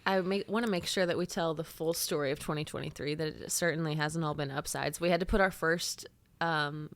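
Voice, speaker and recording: A woman co-hosting a casual podcast, telling stories with animated energy and frequent laughter. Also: low voice, fairly quick. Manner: animated storyteller, laughs often. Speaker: podcast co-host. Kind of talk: casual chat. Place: home studio, seated on a couch.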